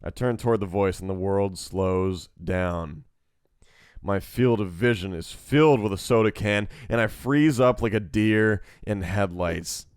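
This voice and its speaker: A man's voice: on the low side, unhurried, clear, resonant tone, no echo, studio quality. Profane man reading a visual novel aloud. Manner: sarcastic, profane, talks to chat. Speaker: streamer playing a visual novel. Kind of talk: reading game text aloud with casual commentary. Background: guitar music.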